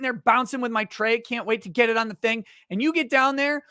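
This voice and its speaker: A man hosting a casual livestream, reading viewer chat messages aloud and joking, often restarting his sentences and growing animated in his stories. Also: very high-pitched, clean tone, no echo, studio quality. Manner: rambling and joking, with halting restarts; animated when telling stories. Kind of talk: casual live-stream chat.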